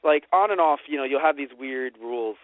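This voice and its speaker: A man co-hosting a podcast, chatting casually with animated, rambling delivery and plenty of swearing. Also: mid-range voice, fairly quick, no echo. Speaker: podcast co-host. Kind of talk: casual chat. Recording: phone-like lo-fi audio.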